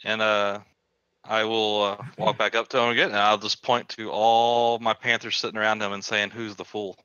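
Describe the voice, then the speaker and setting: A man playing a tabletop game, slowly and deliberately describing his character's actions with many fillers. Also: on the low side, little pitch movement, pushed and bright, clear, resonant tone, dry recording, lo-fi sound. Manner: slow, deliberate, hesitant with fillers. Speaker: player.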